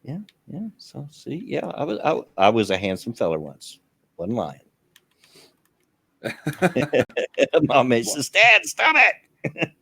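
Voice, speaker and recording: A man's voice: mid-range voice, big pitch swings, slow, gravelly, pauses often, breathy edge, no room sound. Folksy older man, dry sound. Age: 60s. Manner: folksy, rambling, self-deprecating. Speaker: stream show host. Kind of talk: casual chat on a livestream.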